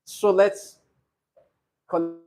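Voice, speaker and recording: A man leads a speaking-test training class. His voice sits high. He moves at a slow, deliberate pace and repeats each rule for note-takers. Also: level tone, a little mellow, faint music behind. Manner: repeats key rules slowly for note-taking. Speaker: IELTS trainer. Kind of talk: classroom teaching. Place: training session room.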